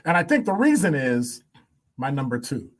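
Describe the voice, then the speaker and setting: A man's voice: on the high side, sing-song, moderate pace. Blunt male commentator firing rhetorical questions. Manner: emphatic, piles up rhetorical questions; blunt, wry asides and chuckles. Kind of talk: opinion commentary.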